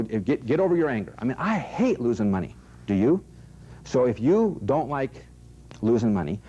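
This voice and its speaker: A man in middle age leads an investment seminar, pressing each point home and repeating it with rhetorical questions. His voice is warm and slightly husky. The sound is dull and lo-fi, like a tape from an old VHS. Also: medium pitch. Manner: emphatic, repetitive, rhetorical questions to the audience. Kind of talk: recorded seminar talk.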